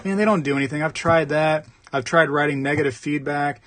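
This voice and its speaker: A man's voice: on the high side, brisk, fairly bright tone. Chatty, rambling livestream host, man. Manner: rambling, chatty, reads out chat. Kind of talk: casual livestream chat.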